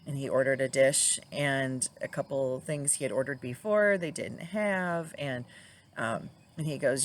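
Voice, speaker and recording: A middle-aged woman with a low, gentle voice speaks casually and tenderly to her viewers about life after loss. She sounds reflective and sometimes laughs softly as she remembers. There is faint room ambience behind her. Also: unhurried, slight background noise. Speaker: widow sharing her grief journey. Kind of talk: casual personal talk to camera.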